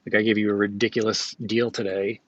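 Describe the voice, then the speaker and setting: A man's voice: lowish voice, level tone, fast, fairly bright tone, dry recording, low-quality recording. A man streaming from his flea market stall, chatting casually in a rambling way, with many fillers and self-corrections. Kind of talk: casual live-stream chat.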